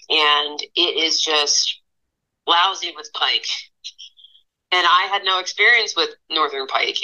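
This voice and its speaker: A woman in her thirties from Pennsylvania, a guest artist telling stories in a casual interview, animated and laughing often, with lots of fillers. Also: deep voice, low-quality recording. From Pennsylvania, USA.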